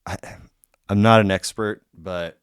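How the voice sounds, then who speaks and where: Deep-voiced man telling a story casually. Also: steady tone, a little slow, clear, resonant tone, no echo, studio quality. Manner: profane, rambling, filler-heavy.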